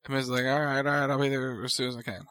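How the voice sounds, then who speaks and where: A man's voice: medium pitch, little pitch movement, racing, pushed and bright, dry recording. An easygoing man joins a casual recap, adding details and reactions to his co-host's story. His voice sits in a middle range and sounds close and dry. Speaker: podcast co-host. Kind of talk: casual chat.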